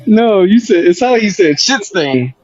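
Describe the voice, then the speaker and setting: Excitable man on a dull, dry line. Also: high voice, moderate pace. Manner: loud, excitable, laughing reactions. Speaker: co-host. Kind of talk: casual chat.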